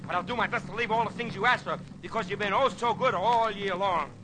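A man's voice: high-pitched, quick pace, noisy background, lightly acted. An actor playing a jolly old Santa Claus who laughs heartily and narrates his Christmas Eve journey on a vintage children's record. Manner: hearty ho-ho laughter, animal and train noises.

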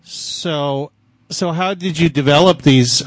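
An American man interviewing a guest, asking chatty, halting questions. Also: on the high side, a bit bright, no echo. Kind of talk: casual interview talk.

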